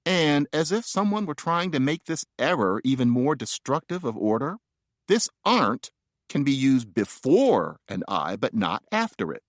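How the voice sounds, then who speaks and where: A man reads his own nonfiction book aloud, playful and wry, with chatty asides. His voice is mid-pitched and swings widely in melody. The sound is dry and close, recorded in a studio. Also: very animated, moderate pace, dry recording. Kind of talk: nonfiction audiobook narration.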